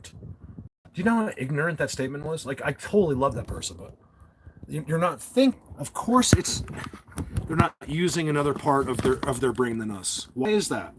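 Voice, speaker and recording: A man with a New Jersey accent hosting a live stream, talking emphatically, yelling at times and stumbling over restarts. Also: a little high, lively intonation, moderate pace, a little hiss or hum. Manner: emphatic, yells, stammering restarts. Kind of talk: excited live-stream talk. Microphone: phone at a desk.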